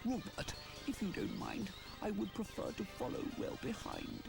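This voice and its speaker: A timid little boy mouse speaks in a high, nervous and polite voice, as a narrator puts him on. Music plays softly behind him. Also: big pitch swings, moderate pace, vocal fry.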